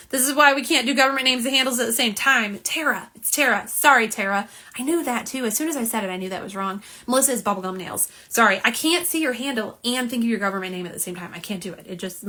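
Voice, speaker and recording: A woman's voice: medium pitch, pushed and bright. A woman hosting a live nail polish unboxing stream, chatty and self-deprecating as she reads viewer comments aloud, filmed on a phone camera. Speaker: nail polish livestream host. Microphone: phone camera, front and back.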